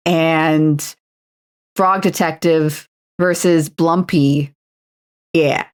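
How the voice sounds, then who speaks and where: Slow-talking Canadian woman streamer. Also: low-pitched, steady tone, smooth. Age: 20s. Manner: playful and self-mocking, slips into announcer voices. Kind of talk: casual livestream chat while painting a miniature.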